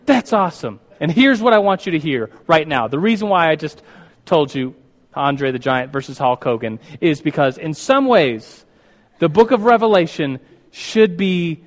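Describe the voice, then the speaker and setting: A man preaching a sermon as pastor, moving from a quiet opening prayer into animated storytelling. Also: a little high, moderate pace. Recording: long hall reverb.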